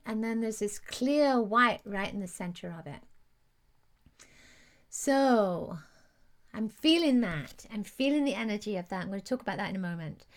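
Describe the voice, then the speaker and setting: A woman hosting a live angel card reading, gushing and soothing, reading viewer comments aloud and at times close to tears. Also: fairly high pitch. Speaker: intuitive card reader hosting a live stream.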